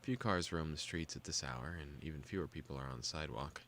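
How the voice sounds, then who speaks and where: A young man hosting a gaming video, calmly reading a visual novel aloud with joking asides. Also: very deep voice, fast talker, slight background noise.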